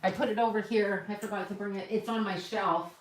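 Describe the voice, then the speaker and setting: Amid slight background noise, the middle-aged woman speaks briskly at medium pitch with fairly even intonation. She's a vlogger opening viewers' gifts, chatting casually to camera, rambling and thanking them with lots of fillers.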